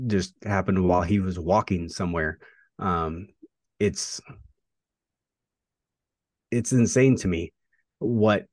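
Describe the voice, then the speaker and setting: A man, a pro wrestler, talking through a rivalry in a casual interview, reflective and halting with fillers and restarts. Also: lowish voice, no room sound.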